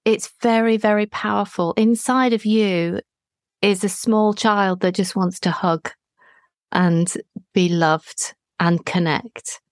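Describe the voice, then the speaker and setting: Calm, reassuring woman host. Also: medium pitch, no echo, studio quality. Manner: calm, reassuring, slow and deliberate. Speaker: healing practitioner, podcast host. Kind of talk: gentle therapeutic conversation.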